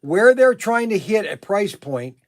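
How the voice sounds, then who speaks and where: Host, male, reads emails out on a casual stream, deadpan and teasing, explains at length, slightly high voice. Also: unhurried. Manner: dry, teasing, explains in detail. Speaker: livestream co-host. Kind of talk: casual chat, reading an email aloud.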